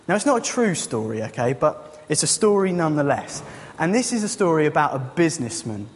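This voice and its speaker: A man, a youth leader, preaching a sermon in a casual, joking, conversational way. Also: fairly high pitch. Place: church hall. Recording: long church hall reverb.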